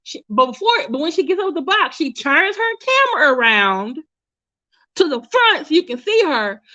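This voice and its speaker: A woman's voice: high-pitched, very animated, normal speed, sharp tone, dull audio. A woman giving casual, blunt commentary, chatty and often restarting her sentences. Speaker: commentary YouTuber.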